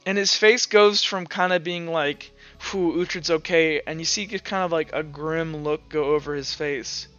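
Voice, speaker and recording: A man's voice: on the high side, steady tone, moderate pace, few pauses, a bit bright, clear, resonant tone. A man narrating as game master in a casual, hesitant way with many fillers, over muffled audio with background music.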